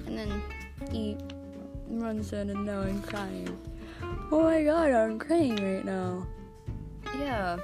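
With a creaky, mid-range voice, a young female vlogger casually rambles about manga, giggling and using lots of fillers. Guitar music runs in the background.

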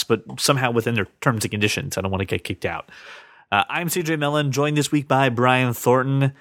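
A man hosting a casual podcast, rambling and repeating words when he gets excited. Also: mid-range voice, no echo, studio quality. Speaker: podcast host.

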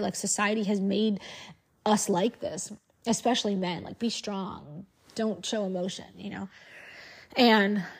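A woman who makes online videos, speaking frankly and emphatically to camera and repeating phrases for force. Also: mid-range voice. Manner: frank and outspoken. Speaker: social media creator. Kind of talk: candid to-camera monologue.

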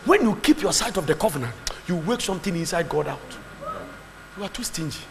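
A man preaching a fervent sermon, swinging between shouts and low asides. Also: lively intonation, fairly quick, a crowd in the background. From Ghana. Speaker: pastor. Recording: long hall reverb, faint background noise.

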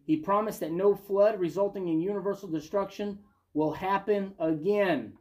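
A man's voice: high-pitched, steady tone, moderate pace, a little mellow. Man teaching a casual Bible study. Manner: conversational, reads passages aloud and comments.

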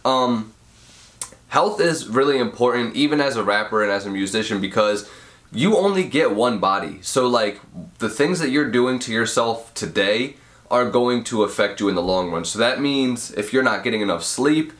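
A man's voice: medium pitch, animated, normal speed, fairly bright tone. A young man hosting a casual advice podcast while sick with a cold, sniffling and nasal, talking through a mouth he can't fully open. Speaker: podcast host.

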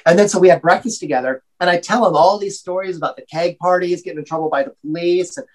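Middle-aged male guest, animated storyteller who plays out each quoted voice. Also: sits high, fast talker, rough recording. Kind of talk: casual storytelling.

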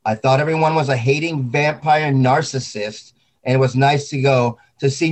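A man's voice: mid-range voice, moderate pace, darkish tone. A man talking casually about grief, intense and rambling, swearing often. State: grieving. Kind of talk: emotional casual talk.

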